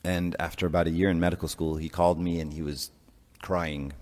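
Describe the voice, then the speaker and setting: Low-voiced priest giving a chatty sermon, long church echo. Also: male voice, level tone, a little fast, a little mellow. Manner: conversational, rhetorical questions, joking asides.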